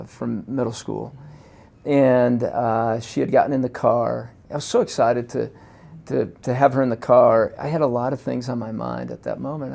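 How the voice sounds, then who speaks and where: A man's voice: mid-range voice, gravelly. A middle-aged man hosting a conversational interview, affirming his guest and telling a story from his own life. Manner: warm storytelling, affirming listener. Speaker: host.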